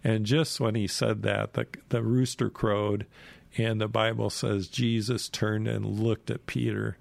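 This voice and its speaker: A man telling a Bible story in a loose, chatty way, acting out the quoted lines with fillers and soft chuckles. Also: on the low side, measured pace, gravelly, no echo. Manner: retells scenes with lively quoted voices, chuckling, many fillers.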